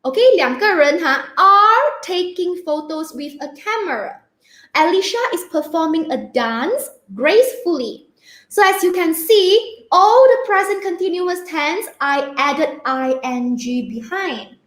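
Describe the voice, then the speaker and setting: Slow, patient woman teacher, echoey room. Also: very high voice, lively intonation, a bit bright. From Malaysia. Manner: slow, patient, spells words out letter by letter; peppers speech with "okay?" checks. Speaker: primary school English teacher. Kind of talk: online grammar lesson.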